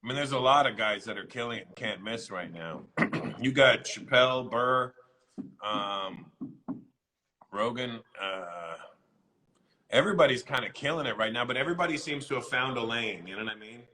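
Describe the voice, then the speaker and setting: A middle-aged man, a comedian being interviewed, chatting casually and telling animated stories with acted-out voices. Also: mid-range voice, normal speed, poor audio. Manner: animated storyteller, acts out quoted voices.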